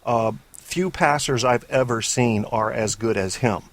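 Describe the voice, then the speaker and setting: A man's voice: mid-range voice, measured pace. A man hosting a casual call-in sports talk show, opinionated and rambling off on tangents, with frequent swearing. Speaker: sports podcast host.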